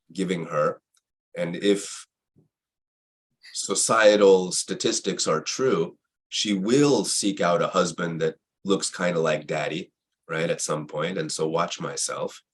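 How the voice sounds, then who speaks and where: A man in a reflective spiritual conversation who repeats phrases and asks himself rhetorical questions, with a husky voice. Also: sits low.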